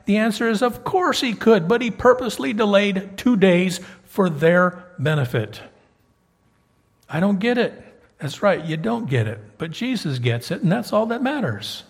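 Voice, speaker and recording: A man preaching a sermon and reading scripture aloud, conversational and emphatic, swinging between loud and soft. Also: sits high, lively intonation, moderate pace, slightly rough.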